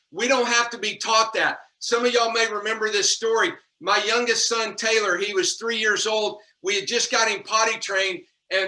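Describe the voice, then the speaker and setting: A leadership trainer with a high, pushed, bright voice gives his team a folksy motivational talk on leadership, addressing them as y'all and repeating himself along the way. The recording is echoey, with the mic placed far off.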